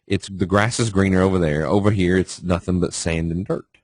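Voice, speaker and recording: A man's voice: sits low, fairly even intonation, fairly quick, dry recording, pitched below the performer's own voice. A man voicing a scheming scorpion who coaxes a frog into giving him a ride. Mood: coaxing.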